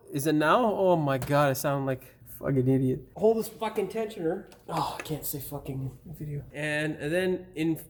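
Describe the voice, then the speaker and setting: A man's voice: fairly high pitch, darkish tone. A middle-aged man hosting a car repair channel, recording voice-over takes and cursing and laughing at himself as he flubs his lines. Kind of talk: blooper reel of voice-over takes.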